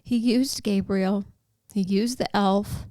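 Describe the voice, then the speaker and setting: Slow, heartfelt woman telling a faith story. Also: mid-range voice, fairly even intonation, dark tone, no room sound, clean studio sound. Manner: heartfelt, chatty, many likes and you-knows. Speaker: podcast host.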